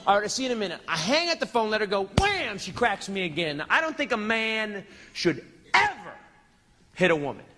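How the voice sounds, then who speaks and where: A male stand-up comedian telling a story on stage in a brash, self-mocking and animated way. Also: sits high, fairly quick, noisy background.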